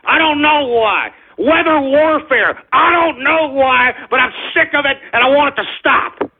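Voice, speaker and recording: A man's voice: very high voice, animated, a little slow, phone-quality sound. A man hosting an internet radio show, ranting agitatedly and cursing at trolls. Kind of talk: live call-in style radio rant.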